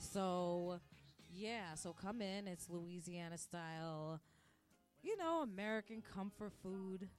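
A woman hosting a podcast in a casual, rambling rant, recorded in a restaurant where she works. She acts out quoted voices and laughs often. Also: mid-range voice. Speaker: podcast host. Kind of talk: casual ranting monologue. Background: faint music.

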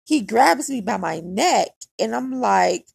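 Woman, podcast storyteller, gravelly and husky, candid chatty delivery, dry close sound. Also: a little high, lively intonation, slow pace, no room sound. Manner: candid and conversational, heavy use of "like". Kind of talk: personal storytime narration.

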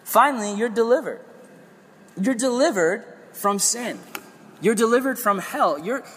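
High-voiced man preaching in a big hall. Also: measured pace, slightly rough. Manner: energetic, conversational preaching with playful asides. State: losing his voice. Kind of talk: sermon.

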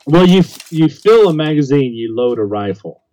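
A man's voice: on the high side, big pitch swings, normal speed, dark tone, rough recording. Man making dry remarks with faint noise behind. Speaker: podcast co-host. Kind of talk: casual chat.

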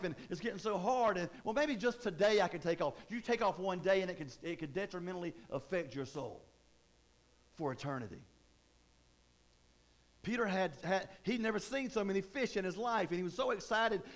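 A man preaching a sermon in a conversational way, often repeating and restarting words. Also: sits high. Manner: repetitive, stammering restarts, conversational.

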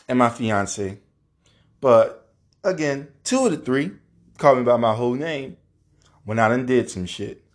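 A man from New Orleans hosting his own podcast alone, talking casually and emphatically with plenty of swearing and the odd rant. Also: mid-range voice. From New Orleans, Louisiana. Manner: profane, ranting, emphatic. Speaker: podcast host. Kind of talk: casual solo podcast monologue. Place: apartment at home.

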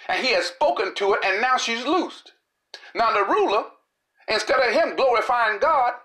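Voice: medium pitch, pushed and bright. A preacher delivering a sermon in a rhythmic, repetitive style, building with dramatic rises and falls.

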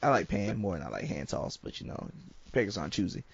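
Man, gravelly joker, wildly swinging pitch, dry dull recording. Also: sing-song, fast, crowd noise. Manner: joking, playful, exaggerated reactions. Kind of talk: casual chat. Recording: dry, slightly dull sound.

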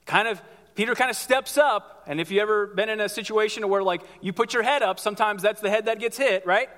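A male pastor preaching to a congregation in a church, lively, asking the room questions and acting out quotes. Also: high voice, a little fast. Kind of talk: sermon. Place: church sanctuary before a congregation. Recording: long hall reverb.

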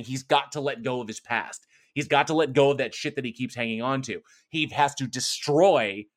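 A man with a bright, clear-edged voice rambles through a casual horror-movie chat. He swears freely and keeps restarting his sentences. He sounds enthusiastic and unpolished, like a podcast co-host. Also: mid-range voice. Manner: animated, profane, rambling with restarts. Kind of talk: casual film discussion.

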